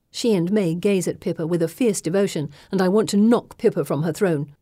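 A woman giving measured first-person audiobook narration. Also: on the low side, warm tone, dry recording, clean studio sound.

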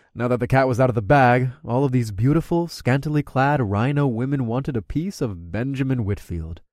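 A man narrating a first-person audiobook in a steady, wry way. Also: medium pitch, moderate pace, dry recording, studio quality.

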